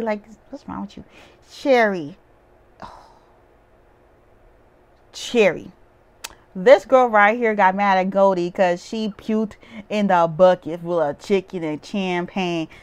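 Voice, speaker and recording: Chatty, rambling woman vlogger. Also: mid-range voice. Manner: rambling, chatty, with frequent "um" and "like" fillers; blunt, opinionated asides. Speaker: reality TV recap vlogger. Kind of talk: casual monologue recapping a TV show.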